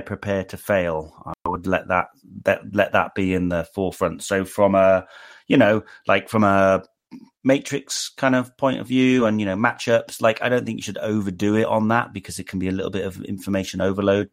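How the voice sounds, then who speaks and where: A man's voice: deep voice, fairly even intonation, moderate pace. A man co-hosting a podcast in a casual, rambling, self-deprecating way. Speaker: podcast co-host.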